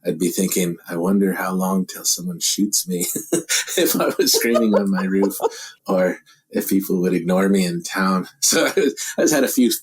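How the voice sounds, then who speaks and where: A man as a podcast guest, talking casually and thinking aloud in halting phrases, often breaking into laughter. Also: low voice, lively intonation, slight background noise. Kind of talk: casual interview talk.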